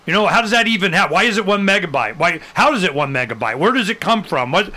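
A man with a high, bright voice hosts a casual interview. He talks bluntly and with plenty of animation, and he drops the odd mild swear word. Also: big pitch swings, fast. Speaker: host.

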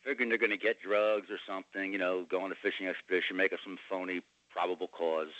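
A man hosting political talk radio, speaking haltingly with many restarts, on a dull lo-fi recording. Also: sits low, flat delivery, pushed and bright, no echo.

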